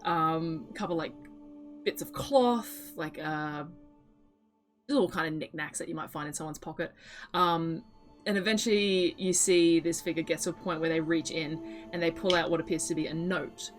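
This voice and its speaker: Chatty woman game master, low voice. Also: normal speed, faint music behind. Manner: chatty, giggly, full of "like" and "um". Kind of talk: narrating a tabletop game.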